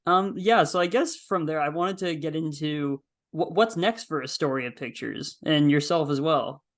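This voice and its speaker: Male podcast host, higher voice, upbeat, casual. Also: moderate pace, a bit bright. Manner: upbeat, encouraging. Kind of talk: casual interview chat.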